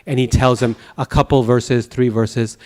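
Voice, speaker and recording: A man teaching a Sanskrit class at a temple, telling anecdotes in an animated way with chuckles and restarts. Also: mid-range voice, measured pace. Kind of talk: lecture with anecdotes.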